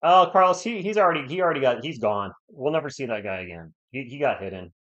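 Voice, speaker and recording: A man from New England hosting a live sports stream, giving play-by-play and answering viewers in an excitable, fired-up way. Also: medium pitch, fast talker, dull audio. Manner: excitable, fired-up, talks straight to chat viewers. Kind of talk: live play-by-play commentary and chat replies.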